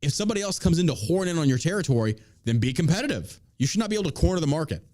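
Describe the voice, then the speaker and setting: Talking very fast in a somewhat high, sing-song and slightly mellow voice, a man hosts a podcast of casual political commentary. He rants, curses constantly and mocks freely.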